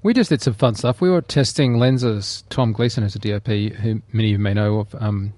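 A man with a lowish voice on a dry, close podcast mic. He chats easily, asks his co-host questions and explains his lens tests in plain terms. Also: fairly quick, dark tone, dry recording. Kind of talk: casual chat.

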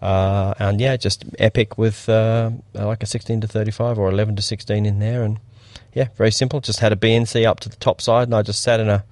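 A man with a fairly low voice, recorded dry and close to the mic. He talks casually about shoots, rambling and swearing a little, and bursts into lively acted-out quotes. Relaxed podcast chat between friends. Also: fairly quick, few pauses, no echo. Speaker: podcast co-host, cinematographer.

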